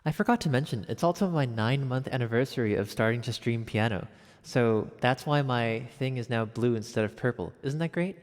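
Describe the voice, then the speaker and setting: A man's voice: medium pitch, a little fast, few pauses, long reverb tail. A young man from Connecticut chatting casually on a piano livestream from home, upbeat and chatty with gleeful exclamations. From Connecticut, USA. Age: young adult.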